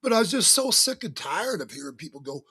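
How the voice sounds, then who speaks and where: A man with a husky, slightly rough voice speaks as a talk-show guest. His pitch swings a lot as he tells stories in a folksy, emphatic way, with frequent religious turns of phrase. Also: sing-song, brisk, bright, forceful tone. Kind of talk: casual talk-show interview.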